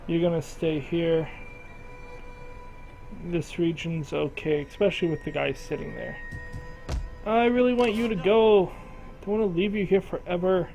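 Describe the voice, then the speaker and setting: A man's voice: high-pitched, fairly even intonation, unhurried, vocal fry, pauses often, a little mellow, faint music behind, rough recording. A man casually commentating a strategy game, thinking aloud and talking to the game's regions as if they were people. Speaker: gameplay commentator.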